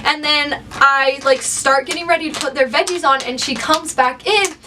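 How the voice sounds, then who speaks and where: A young woman vlogger casually telling a work story, animated and acting out what people said. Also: sits high, normal speed. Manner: animated storyteller, acts out quotes. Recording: slightly distant mic, faint background noise.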